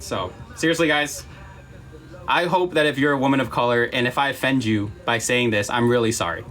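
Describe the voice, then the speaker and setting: A man's voice: medium pitch, fairly quick, fairly bright tone, faint music behind. A man talking earnestly on a livestream, emphatic and apologetic, repeating himself and close to tears.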